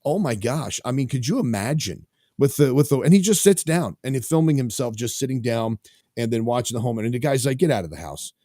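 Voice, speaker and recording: A man's voice: medium pitch, a little fast, dark tone, dry recording, clean studio sound. A man hosting a talk radio show, chatting casually and rambling with lots of fillers.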